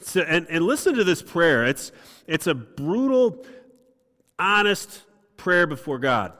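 A pastor giving a sermon in a conversational way, repeating words and building to animated emphasis. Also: male voice, a little high, slow pace. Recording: long reverb of a large room.

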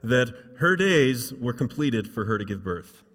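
Pastor preaching in a reverberant hall. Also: male voice, medium pitch, big pitch swings, a little slow. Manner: dramatic reading, rising loud for quotes, dropping soft for asides. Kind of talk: sermon reading and commenting on scripture.

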